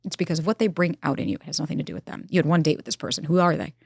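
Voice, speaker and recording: A woman relationship expert talks fast and emphatically in a podcast interview, acting out her clients' words. Her voice sits low, and the sound is close and dry. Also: creaky, a little mellow, dry recording. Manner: emphatic, acts out quotes from clients. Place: recorded in Los Angeles.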